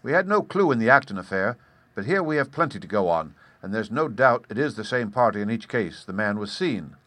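A man's voice: lowish voice, sing-song, brisk, a bit bright, no echo. A man voicing a keen young police inspector who reports details in a polite, businesslike way, in an audiobook reading.

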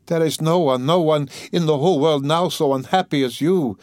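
A frantic young woman cries out in a high, pleading voice, bewildered and desperate, as a male audiobook reader puts her on. Her words come urgent and tearful over a dry, close recording. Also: moderate pace, darkish tone, dry recording, natural voice. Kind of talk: audiobook character voice.

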